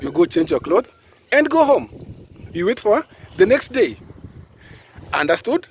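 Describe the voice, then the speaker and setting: A man from Kenya speaks into a phone held at arm's length outdoors, his voice sitting a little high. He rambles in a casual vlog style, full of fillers and restarts. Faint outdoor noise sits behind him. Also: sing-song, measured pace, pauses often, a little mellow. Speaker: caregiver vlogger. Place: outdoors in sunshine. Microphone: phone camera at arm's length.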